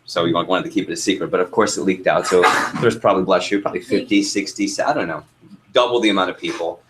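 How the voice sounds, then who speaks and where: A man's voice: low voice, quick pace, heavy background noise. A young man, a sales trainer, teaching a workshop room and telling a story, asking the audience questions as he goes.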